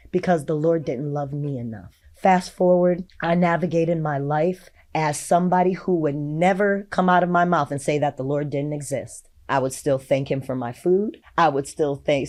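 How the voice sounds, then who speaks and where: A woman's voice: deep voice, darkish tone. A middle-aged woman, a state representative, telling her personal story in an interview, earnest and heartfelt, with many "you know" fillers. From Texas.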